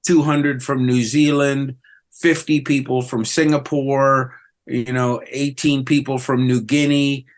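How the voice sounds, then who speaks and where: A man's voice: medium pitch, flat delivery, unhurried. A middle-aged man from Canada, a comedian chatting in an interview, rambling with fillers and mocking himself. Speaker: comedian guest. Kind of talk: casual interview chat.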